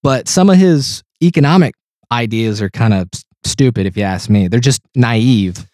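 Man, mid pitch, blunt sarcastic co-host, dry close mic. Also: moderate pace, a little mellow, no room sound. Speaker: podcast co-host. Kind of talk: casual political chat.

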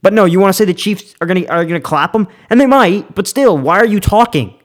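A man's voice: high-pitched, animated, fast talker. Fired-up young man ranting about football. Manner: heated, fired up, repeats himself and restarts often. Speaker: sports podcast host. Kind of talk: casual opinionated sports rant and picks.

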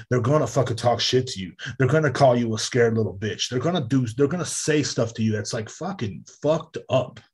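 A man's voice: medium pitch, darkish tone, slightly rough. A man, hosting a podcast in a heated, profane solo rant. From Texas. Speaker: podcast host. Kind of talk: casual monologue.

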